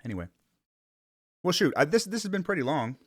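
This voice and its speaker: A man's voice: fairly high pitch, big pitch swings, fairly quick, no room sound. A young man from the Cleveland area rambling casually in a vlog, self-conscious, laughing often and swearing casually. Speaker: vlogger.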